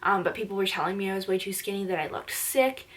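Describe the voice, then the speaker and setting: A woman's voice: mid-range voice, quick pace. A young woman from Canada telling a personal story to camera, in an earnest, chatty way full of "like" fillers. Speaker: vlogger.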